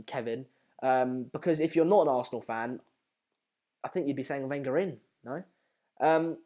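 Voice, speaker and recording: A man's voice: fairly high pitch, a little mellow. A young man hosting a live-stream football watchalong, chatting casually and reading viewer comments with plenty of ums and uhs. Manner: chatty, reads out viewer comments with lots of fillers.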